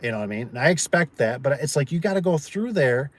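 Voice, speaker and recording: A man's voice: mid-range voice, animated, fast, dry recording. Rambling man, dry close sound. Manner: storytelling, acts out quoted people, lots of fillers. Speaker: door and gate business owner. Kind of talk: casual rambling livestream chat.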